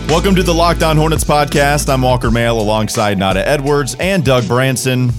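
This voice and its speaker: A man's voice: mid-range voice, normal speed, over music. A man hosting a sports podcast, rattling off stats with sarcastic asides. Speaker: podcast host.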